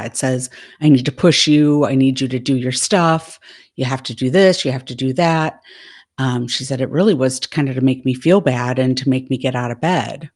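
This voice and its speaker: A woman's voice: extremely low pitch, darkish tone. A woman life coach in a casual monologue, retelling a session and quoting the dialogue back and forth.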